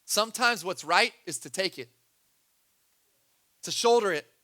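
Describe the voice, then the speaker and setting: High-voiced man preaching a sermon. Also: expressive, a little slow. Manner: preaches with swings between soft low asides and loud urgent pushes. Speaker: pastor.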